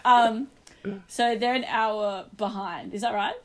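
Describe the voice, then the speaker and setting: A woman telling a story in casual chat, animated and laughing often. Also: fairly high pitch, slow.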